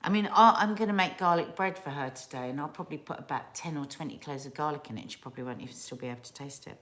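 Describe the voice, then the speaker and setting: A woman's voice: low-pitched, racing, a bit bright. A middle-aged woman from England hosting a live stream at home, chatting casually and rambling through viewer comments. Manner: chatty, rambling, with restarts and asides. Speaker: host of a family live stream.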